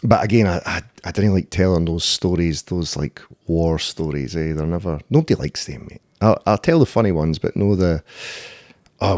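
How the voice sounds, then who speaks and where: A man's voice: deep voice, a little mellow, no echo, studio quality. Blunt, sweary Scottish man. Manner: blunt, sweary storytelling with frequent "eh" and "mate". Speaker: podcast guest, MMA fighter and doorman. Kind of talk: casual conversational interview.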